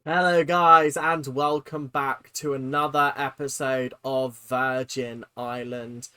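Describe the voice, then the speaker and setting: Reaction host, comedic commentary, incredulous, exaggerated, loud-to-muttered swings, casual swearing. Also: mid-range voice, steady tone, takes it slowly, soft background music. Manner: laughs often, swears casually.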